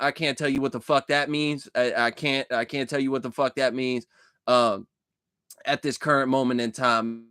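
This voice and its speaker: A young man rambles through a personal story in loose, casual speech, swearing freely and circling back over his own words. His voice sits a little high for a man. The sound is dry and close, with no room around it. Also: fairly bright tone, clean tone, no echo. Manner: loose, profane, repeats himself, restarts sentences. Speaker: vlogger recounting a dream.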